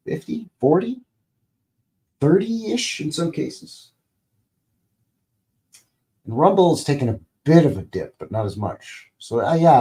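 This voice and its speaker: A man's voice: fairly low pitch, dark tone. A man hosting a live stream, talking casually in a rambling, conversational way, full of "you know" and "right?".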